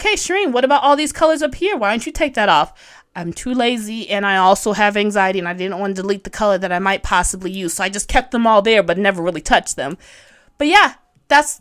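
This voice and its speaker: A woman's voice: mid-range voice, fairly bright tone. A woman in her thirties, a webcomic artist on a casual livestream, chatting bubbly and giggly, rambling and joking about herself while reading viewer comments. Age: 30s. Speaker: webcomic artist streaming a tutorial.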